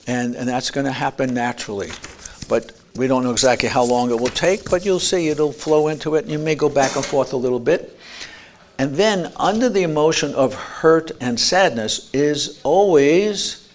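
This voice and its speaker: A man's voice: mid-range voice, slight background noise. A man giving an earnest motivational talk at an expo, telling stories and restarting words. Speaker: speaker. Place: expo lecture room.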